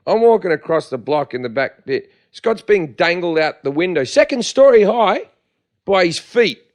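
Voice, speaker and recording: An Australian man in casual podcast chat, telling profane, laughing stories at a quick clip. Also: high voice, big pitch swings. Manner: fast, profane, laughing storyteller. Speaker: podcast co-host.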